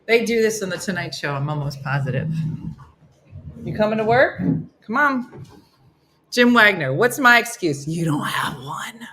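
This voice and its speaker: A woman's voice: mid-range voice, expressive, a little slow, long pauses, a bit bright, slight background noise. A middle-aged woman hosting a casual live stream, chatting and joking as she reads out viewer comments. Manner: chatty and jokey, talks to her dogs and to commenters. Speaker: host of a morning live stream.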